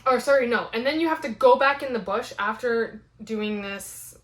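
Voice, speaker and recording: A young woman telling a rambling, animated story in a casual vlog, full of "like" fillers. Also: on the high side, normal speed. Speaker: fitness vlogger. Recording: roomy echo.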